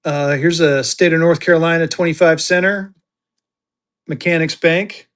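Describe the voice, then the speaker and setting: Guy running a live auction stream, kinda high voice, joking around with chat. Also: fairly even intonation, moderate pace, fairly bright tone, clear, resonant tone. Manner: chatty, jokey, banters with viewers. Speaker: livestream seller and host. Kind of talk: casual live auction selling.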